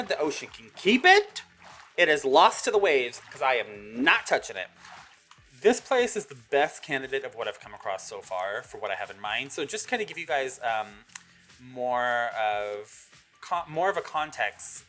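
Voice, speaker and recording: A young woman hosting a survival game video, reacting loudly and dramatically as she plays. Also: very deep voice. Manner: excitable, dramatic exclaiming reactions. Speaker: gaming channel host.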